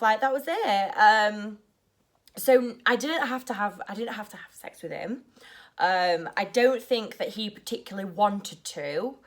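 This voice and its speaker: A young woman telling a story in a casual vlog, rushed and nervous, saying "like" constantly. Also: mid-range voice, fairly bright tone. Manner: rushed and nervous, heavy use of "like". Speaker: vlogger.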